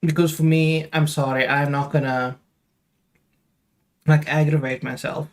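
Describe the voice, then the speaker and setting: A man's voice: on the high side, level tone, a little slow. A young man chatting casually on a live stream, rambling with lots of fillers as he talks straight to his viewers.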